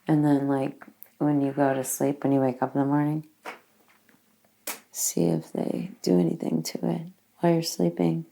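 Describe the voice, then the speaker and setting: A woman with a low, gravelly voice talks offhandedly with her partner on a ghost investigation. Her tone is dark and mellow, and she drops wry jokes as she goes. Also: level tone, moderate pace, a little hiss or hum. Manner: joking, offhand. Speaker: paranormal investigator. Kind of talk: casual chat during a ghost investigation.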